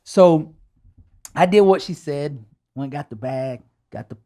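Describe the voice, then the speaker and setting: Animated storytelling man, casual speech. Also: on the high side, measured pace. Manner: animated, acts out dialogue, tags lines with "right?"; casual speech with "ain't" and "gonna". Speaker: podcast guest. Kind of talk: personal storytelling in an interview.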